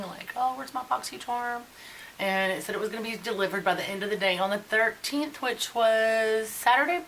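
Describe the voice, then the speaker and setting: A woman's voice: fairly low pitch, a bit bright, slight background noise, rough recording. A woman in her forties chatting casually and venting while doing a get-ready-with-me beauty vlog. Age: 40s. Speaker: beauty vlogger.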